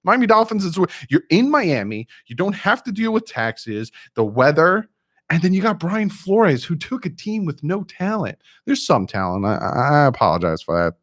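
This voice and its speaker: A man hosting a sports fan live stream, talking excitedly, repeating himself and reading chat messages aloud. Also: fairly high pitch, normal speed, no room sound, clean studio sound.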